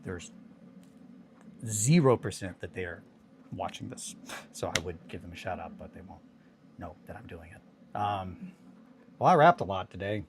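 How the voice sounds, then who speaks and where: A man's voice: low-pitched, expressive, moderate pace, long pauses, slight background noise. Rambling, chatty streamer man. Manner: rambling, chatty, swears casually. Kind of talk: casual livestream chat.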